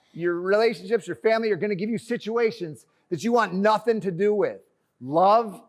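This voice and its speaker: A man giving an energetic, joking motivational talk from a conference stage, calling the audience his friends. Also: high-pitched. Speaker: keynote speaker.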